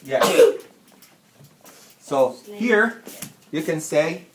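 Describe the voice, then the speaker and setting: A teacher leads a classroom lesson, going over each word patiently and saying it again and again. The voice sits at an ordinary middle pitch. It carries the echo of a roomy classroom with a faint hiss behind it. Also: expressive. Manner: patient, repeats words slowly and often. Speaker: Arabic teacher.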